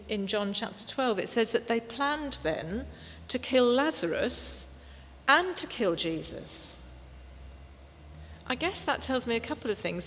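A woman preaching a sermon, slow and emphatic, with warm storytelling asides. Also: fairly high pitch. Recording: long hall reverb, faint noise.

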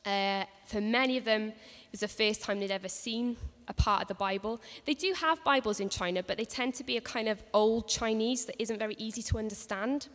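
A woman's voice: fairly high pitch, a little fast, hardly any pauses, a bit bright. A woman giving an earnest, story-driven sermon to a women's gathering in a church hall, often restarting her phrases. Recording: long hall reverb.

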